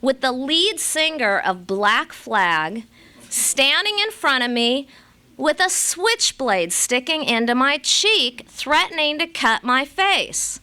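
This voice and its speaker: Woman from Los Angeles, recovery meeting speaker; wry, self-deprecating storyteller with a bright, slightly high voice. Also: clean tone. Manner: wry, self-mocking humor. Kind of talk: personal storytelling talk to a live audience.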